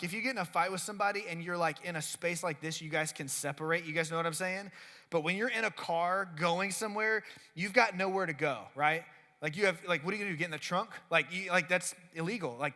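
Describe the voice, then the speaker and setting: A high, bright-toned man gives a casual youth sermon, chatty and full of "like". His voice rings with the long reverb of a worship hall. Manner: chatty, leans heavily on "like", acts out quotes. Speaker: youth pastor. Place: worship center.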